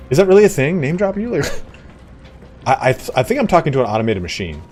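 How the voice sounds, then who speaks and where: A man's voice: fairly high pitch, sing-song, fast, a little mellow, faint music behind. A man streaming a game, chatting casually in a rambling, stop-start way and swearing now and then, on a desk microphone. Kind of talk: casual chat while gaming.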